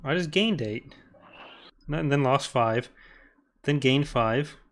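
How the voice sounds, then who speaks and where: A man's voice: medium pitch, lively intonation, slow. A man co-hosting a gaming session, joking and rambling in a self-deprecating way. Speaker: gaming co-host. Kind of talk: casual gameplay chat. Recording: game noise behind voice.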